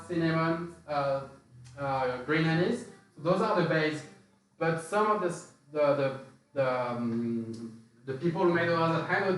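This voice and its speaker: Male spice presenter, slightly high, hesitant and filler-heavy; very echoey, distant recording. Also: fairly bright tone. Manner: hesitant, many fillers and restarts. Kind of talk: casual explanatory talk. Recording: very echoey room, distant from mic.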